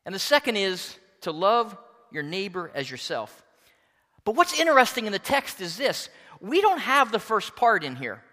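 Male preacher, sermon, high animated voice, bright tone, reverberant hall. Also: moderate pace. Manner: expressive preaching, emphatic, reads scripture aloud. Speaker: pastor.

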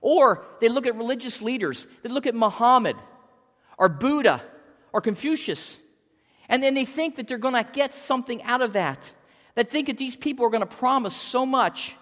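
A pastor in their fifties delivers a sermon with a lively voice that swings up and down. The delivery is earnest and animated, and words often get repeated. The sound carries a long reverb from a church hall. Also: medium pitch, moderate pace. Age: 50s.

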